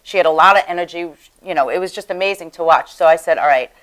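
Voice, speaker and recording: A woman's voice: fairly low pitch, quick pace, fairly bright tone, rough recording. A woman co-hosting, speaking candidly about her own experience in casual chat. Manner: candid, conversational.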